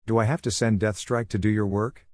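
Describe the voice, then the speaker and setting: Guy doing a fed-up army colonel, lowish voice, super dry audio. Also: steady tone, a little fast, darkish tone, dry recording, lightly acted. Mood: exasperated. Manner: exasperated, tired. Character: weary stern male military colonel.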